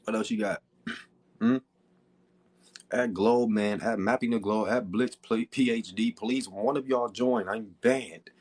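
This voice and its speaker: Laid-back slangy man, low voice. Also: fairly even intonation, measured pace, a little mellow, breathy edge. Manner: laid-back, slangy, constant "you feel me" fillers. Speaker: livestream host. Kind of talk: casual livestream chat reading comments.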